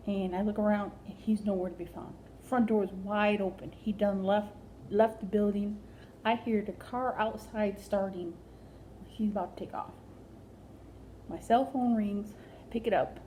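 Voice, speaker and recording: A woman's voice: mid-range voice, dark tone, slight background noise. A woman telling a comic story in a rambling way, full of fillers and "like". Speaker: comedian.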